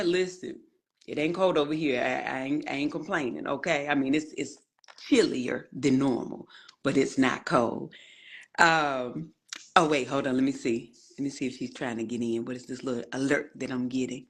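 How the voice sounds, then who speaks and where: A woman in her forties with a very deep, steady voice hosts a casual livestream at a normal pace. She warmly greets viewers one by one in a chatty Southern style, calling them honey and y'all.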